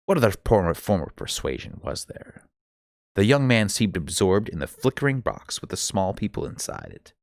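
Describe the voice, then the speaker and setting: A man reads a novel aloud live, telling the story expressively and stumbling now and then. His voice is low and gravelly with a lively, swinging pitch. The sound is close and dry. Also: moderate pace, dry recording. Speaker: book reader.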